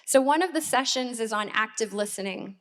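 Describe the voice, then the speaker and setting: The speaker is an assistant pastor, a woman in her forties, giving a sermon in a church hall with a slightly high, somewhat bright voice. She's candid and personal, leaving reflective pauses.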